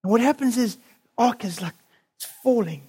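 An animated preacher works through a scripture story, acting out the voices of the people in it. The delivery is expressive and conversational, like a sermon told as a story. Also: mid-range voice, moderate pace, slightly rough.

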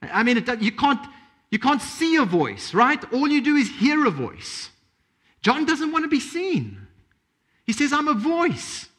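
A man's voice: extremely high pitch, big pitch swings, measured pace, a bit bright. A man preaching a sermon, emphatic, repeating key phrases and asking rhetorical questions.

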